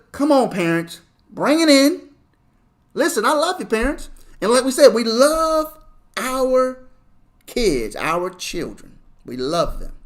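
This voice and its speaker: High-voiced male pastor, chatty and direct. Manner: conversational, repeats "okay?" to the congregation; acts out parents and kids in quoted voices. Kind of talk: sermon.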